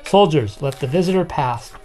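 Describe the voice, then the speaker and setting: A storyteller voicing a gentle but firm female guardian angel on a Christmas tree, speaking in a calm, measured, kindly stern way. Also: medium pitch, close to an everyday voice. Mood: commanding.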